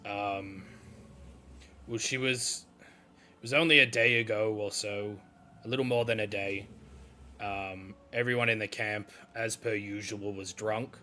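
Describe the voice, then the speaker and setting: A man's voice: lowish voice, unhurried, long pauses, a little hiss or hum. An Australian man running a tabletop game as dungeon master, narrating loosely with lots of ums. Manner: relaxed, filler-heavy narration with drawled voicing of NPCs. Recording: faint background music.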